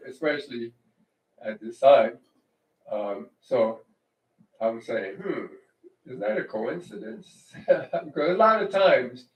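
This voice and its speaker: A man delivers a relaxed, conversational sermon at an unhurried, deliberate pace. He often checks in with his listeners and restarts his phrases as he thinks aloud. The voice sits back from the mic in a roomy, echoing congregation hall. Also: medium pitch, muffled recording. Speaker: congregation teacher. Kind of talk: informal Torah-portion sermon. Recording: echoey room, distant mic.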